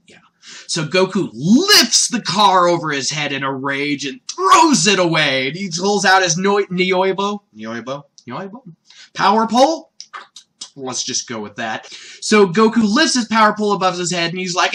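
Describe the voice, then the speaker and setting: Brief: lively, bright-voiced man, casual jokey cartoon reviewer, pitch jumping around. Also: normal speed. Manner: animated, jokey, laughs at his own asides. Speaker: anime reviewer.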